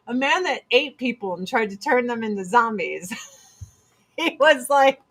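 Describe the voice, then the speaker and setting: A woman's voice: high-pitched, animated, normal speed, fairly bright tone. A woman hosting a casual monologue chat, blunt and emphatic, repeating her points for force. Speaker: host.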